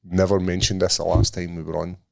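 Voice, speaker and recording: A Scottish man co-hosting a podcast, telling stories in an animated, swearing way. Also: deep voice, a little fast, creaky. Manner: animated storyteller, swears freely. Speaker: podcast co-host. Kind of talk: casual chat.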